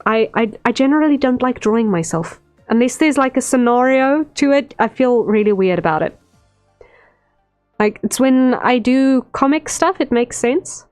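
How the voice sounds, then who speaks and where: A woman's voice: on the high side, expressive, a little mellow. A woman streamer chatting casually while drawing, rambling with lots of "um" fillers. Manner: unhurried, rambling, many "um" fillers. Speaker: streamer, VTuber artist. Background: faint stream music.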